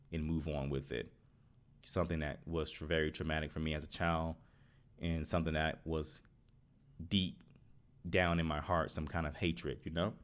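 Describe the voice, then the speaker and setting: Deep-voiced man telling his story. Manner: halting, repeats words while recounting. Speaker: channel host telling his life story. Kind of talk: personal storytelling to camera.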